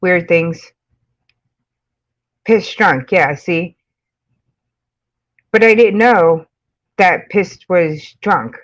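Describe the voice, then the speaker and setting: A woman's voice: on the low side, very slow, pauses often. A woman with a New York accent chatting casually with live-stream viewers, rambling with lots of fillers and frequent laughs. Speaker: makeup channel host.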